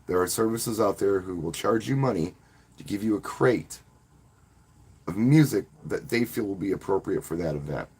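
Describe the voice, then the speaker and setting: A man's voice: lowish voice, lively intonation, moderate pace, a little mellow, slightly rough. A man who works as a wedding DJ, casually talking to viewers on a live stream in a rambling, friendly way and often restarting his words. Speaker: wedding DJ and channel host.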